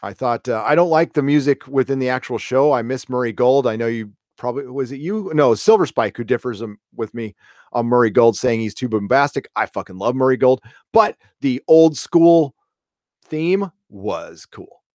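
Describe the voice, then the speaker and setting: Middle-aged male host, blunt and rambling, cursing casually; average pitch, dry sound. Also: animated, moderate pace, darkish tone, dry recording. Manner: rambling, blunt, swears freely. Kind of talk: casual live-show chat.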